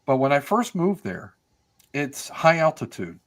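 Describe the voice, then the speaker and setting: A man's voice: on the high side, very animated, a little slow. An older American man talking as a podcast guest, rambling casually with many fillers and restarts. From United States. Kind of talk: casual conversational storytelling.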